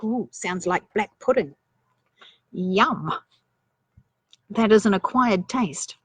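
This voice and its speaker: A woman's voice: mid-range voice, expressive, slow pace, slight background noise. A woman reading a children's story aloud, playful, with chatty asides.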